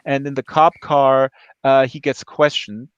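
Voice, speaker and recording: A man's voice: medium pitch, little pitch movement, unhurried, clean tone, no room sound, dull audio. A man hosting a book club online, casually guiding his guest step by step before a staged reading. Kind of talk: casual chat, reading a script aloud.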